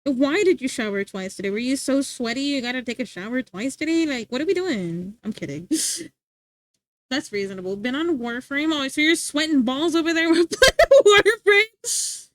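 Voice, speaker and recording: Laughing often and teasing her audience, a young woman chats casually while reading her stream chat from a home streaming setup. She speaks at a normal speed in a high voice with lively intonation, and there's no room sound.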